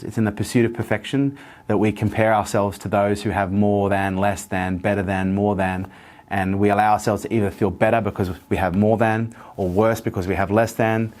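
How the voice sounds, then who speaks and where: A man's voice: lowish voice, fairly even intonation, normal speed, a little mellow. Earnest storytelling man. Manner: earnest, storytelling, repetitive phrasing. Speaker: interview guest. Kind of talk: motivational interview talk.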